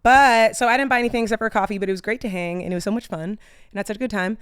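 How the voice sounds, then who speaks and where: A young woman talks to the camera in a loose, wandering way, full of fillers and casual swearing. Her voice is exceptionally smooth and clean. The sound is dry and close, with no room around it. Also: medium pitch, very fast, no room sound. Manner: chatty, tangent-prone, loses her train of thought. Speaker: vlogger. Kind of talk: casual rambling chat to camera.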